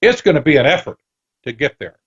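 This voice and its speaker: A man's voice: a little high, fairly quick, breathy edge, highs cut off. A man talking as a guest on a radio interview, telling stories with animation and acting out bits of dialogue. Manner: animated storytelling, acts out dialogue. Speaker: guest author.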